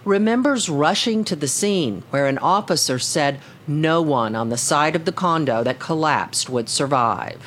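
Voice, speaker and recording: A woman reporter narrating a scripted radio news story in a measured, even way. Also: low voice, slight background noise.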